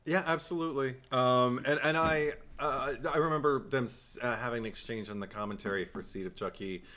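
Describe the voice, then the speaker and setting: A man co-hosting a podcast speaks in a bright, forceful voice at a middle pitch. He chats casually in an animated, playful way and laughs often. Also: a little fast. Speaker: podcast co-host.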